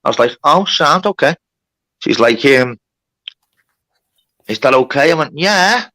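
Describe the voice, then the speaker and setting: A man's voice: mid-range voice, measured pace, sharp tone. A man telling a long story on a livestream, with lots of swearing and reported speech. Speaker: livestream host. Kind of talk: casual storytelling.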